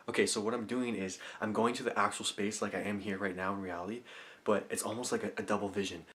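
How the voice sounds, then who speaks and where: A man talking to camera, walking viewers through a visualization technique, murmuring affirmations softly and explaining in eager, rambling bursts. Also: fairly low pitch, steady tone, fast talker, a little hiss or hum. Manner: drops to soft, murmured affirmations, laughing often. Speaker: self-help vlogger. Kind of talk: guided visualization demonstration to camera. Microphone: camera mic.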